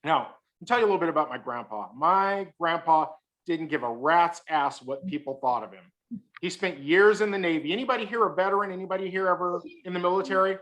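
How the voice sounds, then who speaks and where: A guest speaker on a video call gives a funny talk in a high, fast, somewhat bright voice. He teases his listeners and tells a story built around punchlines, joking throughout.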